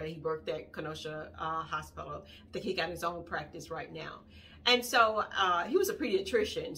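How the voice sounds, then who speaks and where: A middle-aged woman vlogger telling a family story to camera in a casual, rambling, animated way. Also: on the low side, slight background noise. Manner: animated, rambling, acts out quoted voices.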